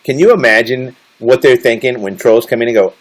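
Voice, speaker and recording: A man's voice: mid-range voice, a little fast. A man chatting casually with viewers on a livestream, teasing and joking crudely as he reads their comments. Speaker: live streamer.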